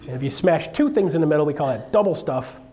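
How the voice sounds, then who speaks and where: A man on the higher side coaches real estate agents at a live seminar, animated and full of jokes. He keeps checking in with the room through quick questions.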